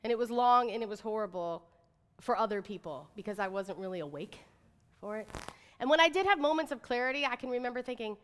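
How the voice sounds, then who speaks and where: Bright-voiced woman giving an upbeat talk. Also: fairly high pitch, fairly quick. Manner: chatty, animated, says "like" and "right?" often. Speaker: motivational speaker. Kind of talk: inspirational talk to an audience. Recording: reverberant hall.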